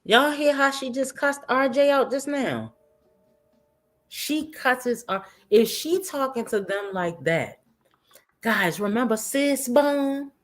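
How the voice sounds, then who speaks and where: A woman's voice: sits high, lively intonation, slow pace. A woman giving casual commentary to her viewers, chatty and talking straight to them. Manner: chatty, addresses viewers as guys and y'all. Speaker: commentary YouTuber.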